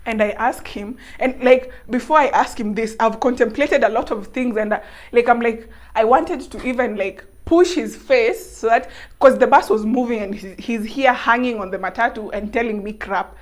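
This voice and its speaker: A young Kenyan woman vlogger telling a story to camera in an animated, laughing way. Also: a little high, moderate pace. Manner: animated, laughing, mixing in local words.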